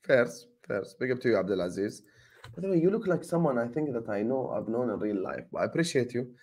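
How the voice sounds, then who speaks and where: A young man hosts a casual football stream. His talk is slangy and animated, and it swings from low mutters to loud shout-outs. He sits at a medium, ordinary pitch. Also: fast talker. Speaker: host.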